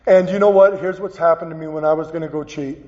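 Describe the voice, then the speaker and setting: A man giving a personal, earnest recovery talk as a guest speaker, halting and repeating phrases as he tells his story. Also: fairly high pitch, fairly even intonation, darkish tone. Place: meeting hall. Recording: dull, echoey hall recording.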